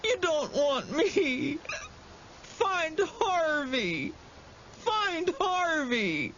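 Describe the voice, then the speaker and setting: A man reading an audiobook, voicing a terrified, sobbing chubby boy with a shrill, pleading cry. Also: very animated, extremely slow, bright, forceful tone, lo-fi sound, a little hiss or hum, exaggerated voice.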